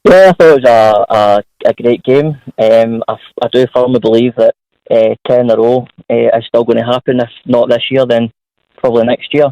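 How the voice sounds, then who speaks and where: A Scottish man calling a radio phone-in, speaking in a hesitant, deadpan way. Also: medium pitch, normal speed, no room sound, rough recording. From Scotland. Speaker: radio caller. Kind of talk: phone-in call.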